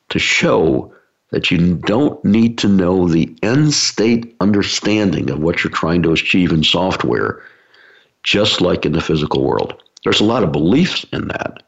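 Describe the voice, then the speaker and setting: A man's voice: deep voice, creaky, husky. A man giving an explanatory talk to a business audience, using everyday analogies with frequent fillers. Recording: dull lo-fi recording.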